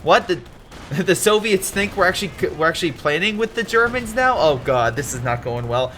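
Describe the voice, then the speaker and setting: A man's voice: on the high side, very animated, moderate pace, sharp tone, slight background noise. A man casually commentating a strategy game replay, rambling into history tangents with many fillers and restarts.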